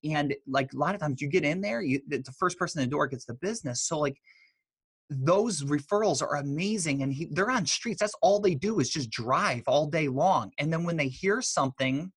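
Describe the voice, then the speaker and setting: A man, a guest in an interview, telling stories in a loose, animated way full of fillers. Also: fairly high pitch, normal speed, husky, no echo. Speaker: guest, author and speaker. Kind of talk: casual interview storytelling.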